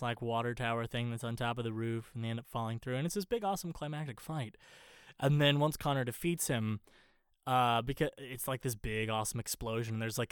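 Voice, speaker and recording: Guy ranting about a movie, bright forceful voice, dry close sound, swears a bunch. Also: mid-range voice, smooth, no echo. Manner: animated, swears often, acts out characters' lines. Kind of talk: casual movie recap.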